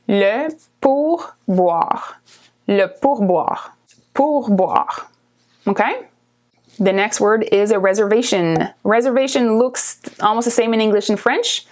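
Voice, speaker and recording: A woman with a Canadian accent teaching a language lesson, slowly repeating words and often checking in with "okay?". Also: medium pitch. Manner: slow, careful repetition of words, frequently asking "okay?". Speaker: French teacher.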